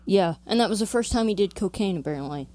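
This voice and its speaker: A woman's voice: mid-range voice, expressive, fast, mellow. A woman from New Jersey co-hosting a podcast, chatting casually and rambling off on tangents with lots of "like". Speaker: podcast co-host. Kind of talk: casual chat.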